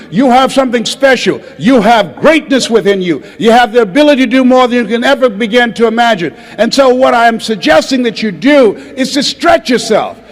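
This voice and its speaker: Older male motivational speaker, high voice, call-and-response with the crowd, long reverb of a large hall. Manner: call-and-response, asks the crowd to raise hands and repeat lines; swings from loud exhortation to low, quiet storytelling. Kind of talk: motivational speech to a live audience. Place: large hall with a live audience.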